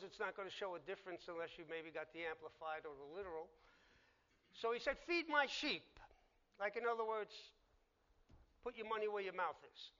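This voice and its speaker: A man's voice: sits high, sharp tone, lo-fi sound. A man preaching a conversational sermon, acting out the dialogue of the people in his story.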